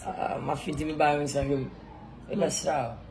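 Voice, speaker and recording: A man's voice: on the high side, steady tone, normal speed, a little mellow, a little hiss or hum. A man with a Ghanaian accent performing an improvised comedy skit, rambling and laughing as he talks. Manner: rambling, laughing, breaks into singing praise. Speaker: comic actor.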